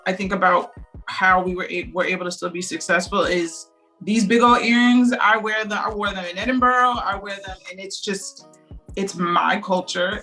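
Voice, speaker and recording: A woman's voice: mid-range voice, poor audio. A woman co-founder of a beer brand, talking candidly in a casual interview. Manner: candid, animated storytelling. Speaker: brewery co-founder.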